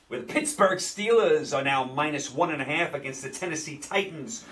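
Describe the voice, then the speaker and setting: A man with a New York accent hosts his own show of football betting picks, hammering his opinions home by saying them again and again. His voice sits a little high for a man and sounds slightly off the mic. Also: sing-song, normal speed, fairly bright tone, distant mic. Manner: opinionated, repeats himself for emphasis. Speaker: sports picks host. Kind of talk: casual sports betting commentary.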